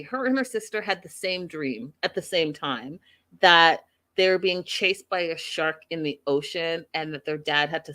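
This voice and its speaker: A woman hosting a casual recap of a reality show, chatting in an animated, gossipy storytelling way. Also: fairly low pitch. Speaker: show host.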